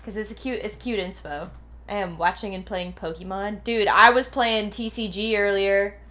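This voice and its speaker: A woman's voice: mid-range voice, fairly even intonation, moderate pace, bright, forceful tone. A woman in her twenties chatting casually on a livestream, rambling and playful, swearing now and then. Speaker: streamer.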